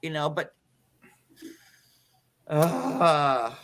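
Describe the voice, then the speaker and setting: A woman in casual chat, ranting and swearing in an animated way. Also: low-pitched, drawn-out words, a loud crowd.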